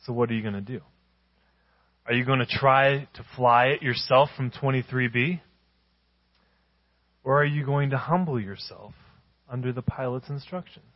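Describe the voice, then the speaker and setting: A man preaching a sermon, telling stories and slowing down to stress key phrases. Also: medium pitch, dry recording, muffled recording. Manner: storytelling with emphatic, slowed-down phrases. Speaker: pastor.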